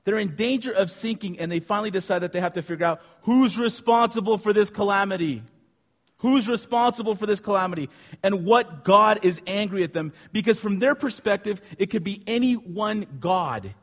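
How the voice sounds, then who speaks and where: A man preaching a sermon with animated storytelling, asking his listeners questions. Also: high voice, normal speed. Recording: long hall reverb.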